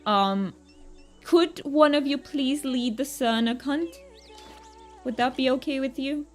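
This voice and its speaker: A woman's voice: high-pitched, slow pace, soft background music. A woman streamer chatting casually while gaming, reading her chat aloud, answering viewers and laughing often.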